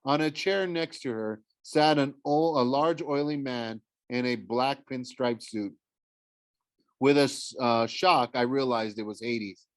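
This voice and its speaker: A man's voice: mid-range voice, measured pace, no room sound. Male teacher reading a novel aloud, mid voice, plain, self-corrects often. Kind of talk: audiobook chapter read-aloud.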